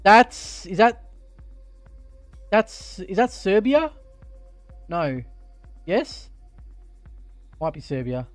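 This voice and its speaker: An Australian man chatting on a live stream while sim racing, thinking out loud and getting excited. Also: high voice, drawn-out words, long pauses, no room sound, faint music behind. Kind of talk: live-stream gaming chat. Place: home sim racing rig.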